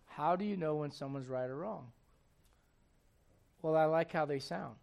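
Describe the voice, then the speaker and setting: A man's voice: a little high, moderate pace, gravelly, a little mellow. A man preaching a sermon, emphatic and full of questions to the congregation, reading scripture aloud in old-fashioned wording. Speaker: pastor.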